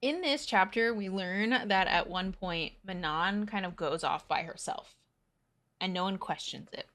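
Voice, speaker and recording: A woman co-hosts a podcast in a casual, unhurried way. She talks slowly and recaps the plot in a loose, chatty manner. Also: medium pitch. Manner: relaxed, recapping the plot with acted quotes. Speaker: podcast co-host. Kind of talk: casual book discussion.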